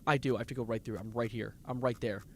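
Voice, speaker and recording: A man's voice: mid-range voice, steady tone, fast talker, a little hiss or hum. A man streaming a game live, nervously muttering coordinates, reading chat and breaking into sudden exclamations. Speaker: livestreamer playing a game.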